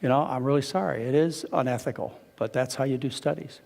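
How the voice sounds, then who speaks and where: A man giving a live lecture as a physician, telling stories with animated quotes and asides to the audience. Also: mid-range voice, a little fast, gravelly. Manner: animated storytelling, quotes others with raised voice. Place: lecture hall. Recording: long reverb of a lecture hall.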